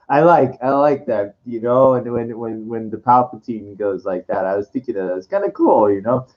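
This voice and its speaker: Rambling man, muffled lo-fi sound. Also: animated. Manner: rambling, many restarts and "you know" fillers, mimics film lines in a low slow voice. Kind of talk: rambling casual monologue.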